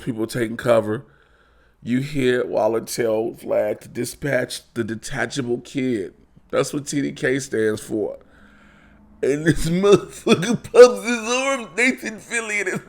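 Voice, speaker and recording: A man reviewing a film in a casual, animated way, acting out the characters as he retells the story. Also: medium pitch. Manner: animated storytelling, acts out characters, frequent laughter and profanity.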